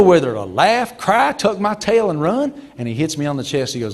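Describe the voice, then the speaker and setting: A middle-aged man tells stories at a club speech. His pitch sits a bit high and swings widely as he acts out other people's voices. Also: big pitch swings, moderate pace. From Virginia. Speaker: guest speaker. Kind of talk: storytelling speech. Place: banquet hall.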